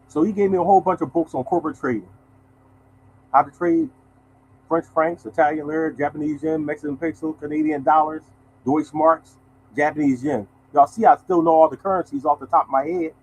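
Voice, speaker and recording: Animated older man spinning a yarn. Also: on the high side, fairly quick, slight background noise, low-quality recording. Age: 60s. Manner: animated, colloquial, addresses viewers as y'all. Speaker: show host telling a story. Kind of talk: casual storytelling to viewers.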